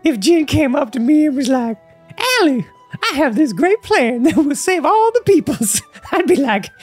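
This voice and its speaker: A sweet Southern belle, all drawl and trust, as a man puts her on in a high voice. She gushes in a lifted register and swoops freely up and down. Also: animated, moderate pace, a little mellow, soft background music. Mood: gushing. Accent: Southern US put on.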